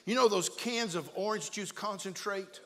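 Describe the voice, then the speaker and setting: A male pastor preaching a comic, story-filled sermon to his church, energetic and jokey, repeating himself and acting out voices. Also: high-pitched, normal speed, in a large hall. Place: church sanctuary.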